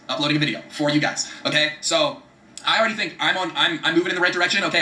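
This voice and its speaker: Dude hyping his goals, high and bright, swears a lot, echoey room. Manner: fast, profane, emphatic, repeats himself. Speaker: vlogger giving trading and goal-setting advice. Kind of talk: motivational vlog talk.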